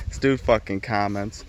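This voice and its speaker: A man's voice: fairly low pitch, slight background noise. A man vlogging an opinion rant, heated and rambling, swearing constantly and restarting his sentences.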